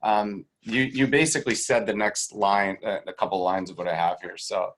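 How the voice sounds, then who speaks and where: A man being interviewed as a sales coach, teaching in a casual, animated way and acting out the voices of the people in his stories. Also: lowish voice, moderate pace. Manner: animated storyteller who acts out quoted voices; swears casually and laughs between points. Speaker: guest real estate sales coach.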